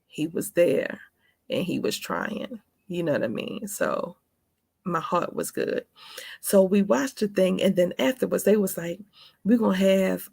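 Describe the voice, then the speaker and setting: A woman's voice: on the low side, gravelly, a little mellow, dry recording, studio quality. A woman in her forties telling a personal story in a casual vlog, chatty and emphatic, calling her viewers honey and baby. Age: 40s. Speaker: vlogger.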